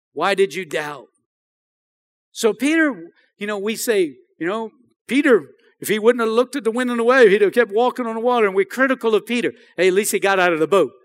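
A man's voice: very high-pitched, bright, forceful tone. A man preaching a sermon as pastor, emphatic, often asking the congregation for an "Amen.". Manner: emphatic, repeats phrases and asks the congregation "Amen?".

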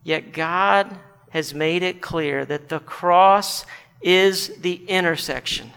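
Male pastor, earnest sermon, high bright gravelly voice, long hall reverb. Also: slow. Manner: earnest, questioning, storytelling.

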